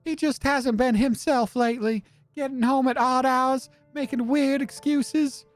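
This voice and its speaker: A nervous, pleading otter wife from a game, her voice lifted high and girlish, as a man puts her on. She speaks in a tight, dry close-mic sound, with faint music behind. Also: a little slow, a little mellow, no echo. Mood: anxious. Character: worried otter wife seeking a detective. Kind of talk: game dialogue read aloud.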